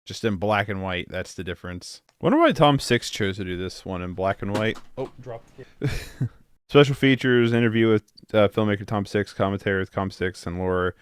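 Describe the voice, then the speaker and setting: A man's voice: on the low side, lively intonation, normal speed, smooth, no echo. A young man hosting a casual movie watch-along, chatting wryly, laughing often and trailing off mid-sentence. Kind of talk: casual live reaction commentary. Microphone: headphones with desk mic.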